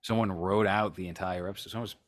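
Deep-voiced sarcastic man chatting. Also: steady tone, fast. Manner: sarcastic, dry. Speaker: podcast co-host. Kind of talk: casual chat reacting to a video.

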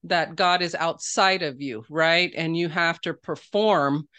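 A woman's voice: on the low side, measured pace, fairly bright tone, lo-fi sound. A woman guest on a podcast, speaking earnestly and reflectively in a casual conversation.

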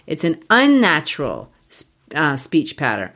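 A woman's voice: on the low side, animated, a little slow. A woman co-hosting a podcast, explaining a play and tapping out its rhythms aloud, laughing easily. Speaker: podcast co-host. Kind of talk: casual literary discussion.

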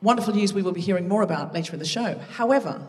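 A woman's voice: medium pitch, lively intonation, rapid-fire, darkish tone. Woman doing crowd work at a live comedy gig, playful teasing, echoey hall from a distance. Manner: playful, bantering with the audience. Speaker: comedy podcast host. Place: large theatre with a live audience. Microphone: stage microphone.

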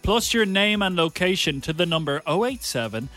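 A man's voice: high-pitched, sing-song, moderate pace, bright, forceful tone, soft background music. An Irish man co-hosting a radio show, chatting cheekily and teasing. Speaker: radio co-host. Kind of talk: upbeat radio banter.

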